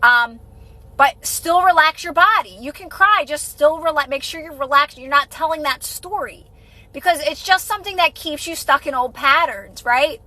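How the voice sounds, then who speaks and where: A woman with a high, bright voice talks casually on a live stream. She repeats her points and reassures her viewers. She answers their comments as she goes. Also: moderate pace, dry recording, poor audio. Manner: casual, repetitive, reassuring advice. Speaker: manifestation coach.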